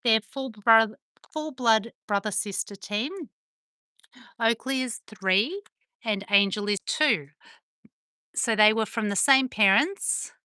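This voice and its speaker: A woman's voice: fairly high pitch, takes it slowly, long pauses, pushed and bright, no room sound. Woman, Australian accent, middle-aged, chatty, affectionate, dry close sound. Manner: chatty, affectionate, cooing at her dogs. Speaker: livestream host. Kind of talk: casual chat with viewers. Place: home with dogs, indoors.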